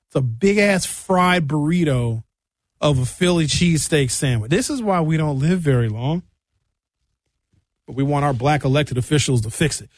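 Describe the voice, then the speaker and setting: A man hosting a talk radio show, delivering an animated comic rant from a studio. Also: normal speed, no room sound. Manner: animated rant, mimics callers in higher voices.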